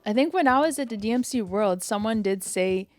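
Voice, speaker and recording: A woman's voice: medium pitch, faint music behind. Candid young woman, laughs easily. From Canada (Toronto). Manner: relaxed, candid, quick to laugh. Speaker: guest DJ. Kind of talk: casual interview chat.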